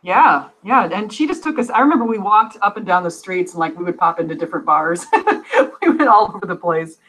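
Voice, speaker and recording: A woman's voice: fairly low pitch, animated, brisk, a bit bright, rough recording. Giggly woman chatting as a guest. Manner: giggly, rambling. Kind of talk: casual chat.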